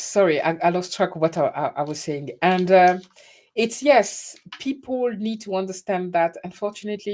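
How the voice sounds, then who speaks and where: A woman's voice: lowish voice, a little mellow. A woman from France with a French accent, hosting a casual livestream, greeting viewers by name and often restarting her sentences. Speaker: livestream host. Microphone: webcam livestream setup.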